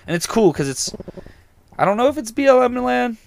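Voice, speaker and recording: A man's voice: very high-pitched, very animated, a little fast, creaky. A young man co-hosting a casual podcast chat at a campsite, laid-back and swearing casually. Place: camper van at a campsite.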